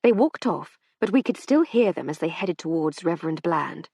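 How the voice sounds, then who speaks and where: A woman narrating a first-person audiobook in a lively, expressive way. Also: on the low side, moderate pace, few pauses, breathy edge, dry recording, studio quality.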